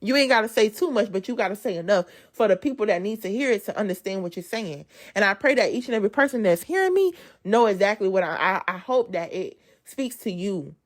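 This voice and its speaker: A woman gives an amped-up devotional testimony. She talks casually to her listeners as y'all and swings between loud emphasis and soft asides. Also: mid-range voice, expressive, quick pace, few pauses. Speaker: speaker giving a devotional testimony. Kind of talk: preachy devotional talk.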